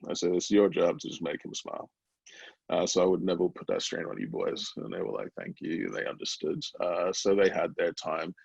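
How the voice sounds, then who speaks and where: A man with a low, gravelly voice tells his story openly in an interview, full of ums and restarts. The sound is dry and somewhat muffled, like a remote call. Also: a little mellow, no room sound. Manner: emotional, open storytelling with many fillers. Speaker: brownie company founder, guest. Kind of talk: candid interview talk.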